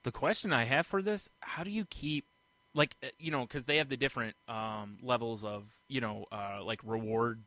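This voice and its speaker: A man's voice: mid-range voice, normal speed, bright, forceful tone, no room sound. A man hosting a podcast in casual banter, chatty and rambling, laughing a lot. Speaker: podcast host.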